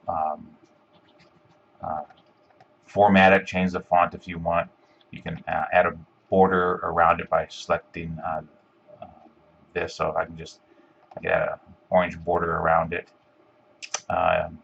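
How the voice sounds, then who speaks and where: A man giving a step-by-step screencast software tutorial, talking casually with lots of ums and uhs. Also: sits low, vocal fry, breathy edge, lo-fi sound. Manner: step-by-step, filler-heavy with frequent ums and uhs. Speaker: instructor.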